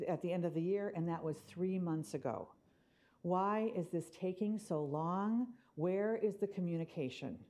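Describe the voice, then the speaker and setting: A woman advocate giving a prepared public comment to a school board, firm and pointed, slowing down to stress key phrases. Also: fairly low pitch, warm tone. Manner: firm, pointed, deliberate emphasis.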